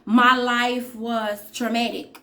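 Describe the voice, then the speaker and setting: A woman in her thirties speaking casually to her viewers as a vlogger, chatty and direct, with many pauses and fillers. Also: a little high, level tone, sharp tone. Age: 30s. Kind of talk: casual talk to camera.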